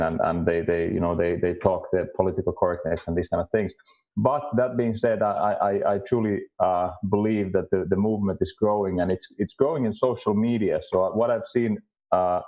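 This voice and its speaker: Finnish guy talking slow and choppy, low mellow voice, lo-fi sound. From Finland. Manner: halting, many repeated words and restarts. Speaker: guest. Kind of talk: casual discussion.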